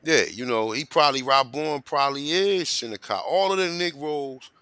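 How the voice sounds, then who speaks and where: Bright-voiced man telling slangy stories. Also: medium pitch, moderate pace, smooth, dry recording. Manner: animated, slangy, profane storytelling. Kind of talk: casual chat.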